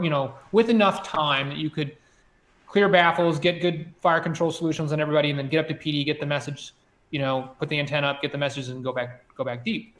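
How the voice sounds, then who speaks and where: A man's voice: a little high, a bit bright, reverberant. A man, a former submarine officer, telling a story in a chatty way, full of "you know" and "like" and many restarts. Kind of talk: conversational storytelling.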